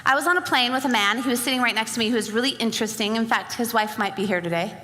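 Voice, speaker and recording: A woman's voice: on the high side, very fast, sharp tone. A woman telling a story to a live audience at a sales event, acting out both sides of a conversation with lots of energy. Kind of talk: motivational talk to a live audience. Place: large hall before an audience. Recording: live hall recording with reverb.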